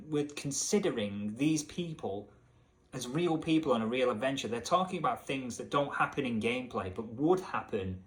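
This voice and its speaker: A man rants sarcastically about a video game in comedic commentary. His voice sits in a middling register but leaps high whenever he gets exasperated. The delivery is swearing, incredulous and full of mock outrage. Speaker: video essay host.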